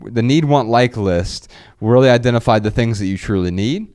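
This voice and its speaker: A man's voice: medium pitch, moderate pace, a little mellow, clean tone. A man in his thirties co-hosting a podcast, talking casually and eagerly with a lot of restarts. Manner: rambling, enthusiastic, frequent restarts. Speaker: podcast co-host. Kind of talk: casual chat.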